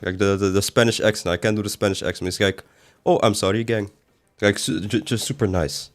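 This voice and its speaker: A man with a fairly low voice talks through a game livestream. He reads his chat aloud and answers it, rambling casually between sudden exasperated outbursts. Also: fairly even intonation, quick pace. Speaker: game streamer.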